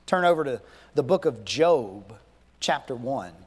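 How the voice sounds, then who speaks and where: A man's voice: mid-range voice, animated, a little slow, husky. A male pastor preaching a sermon, emphatic, repeating key phrases and asking rhetorical questions. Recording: long echoing reverb.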